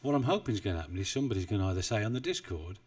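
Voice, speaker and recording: A man's voice: fairly low pitch, very animated, very fast, darkish tone, breathy edge, far from the mic. A man chatting casually on a trading live stream, rambling and self-deprecating, with frequent chuckles. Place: home desk in the UK. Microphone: desk mic, not well placed.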